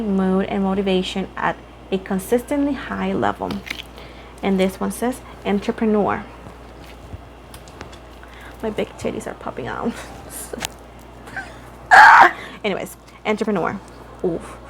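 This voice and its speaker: A woman's voice: medium pitch, a little mellow, a little hiss or hum. A young woman reading tarot cards for her viewers in a chatty, rambling way, often breaking off mid-sentence. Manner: chatty, rambling, self-interrupting. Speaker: tarot reader.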